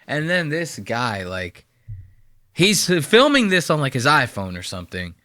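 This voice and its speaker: A man hosting a casual reaction commentary, talking in animated disbelief and swearing freely. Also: medium pitch, unhurried. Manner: incredulous, animated, swears often. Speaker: host.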